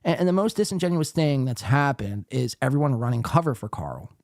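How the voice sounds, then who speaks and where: A man's voice: mid-range voice, expressive, brisk, a little mellow, no room sound, studio quality. A man hosting a live podcast, ranting profanely and sarcastically at other show hosts. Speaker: podcast host.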